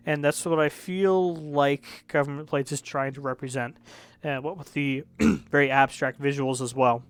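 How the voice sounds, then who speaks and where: A man's voice: medium pitch, steady tone, normal speed, clean tone. A young man casually reviewing music, rambling and correcting himself, frank and a bit profane.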